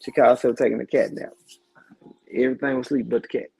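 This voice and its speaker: A male podcast host runs a live show in a loose, joking manner, worn out after a long day and stretching out his greetings. His mid-range voice is flat, gravelly, husky and darkish in tone.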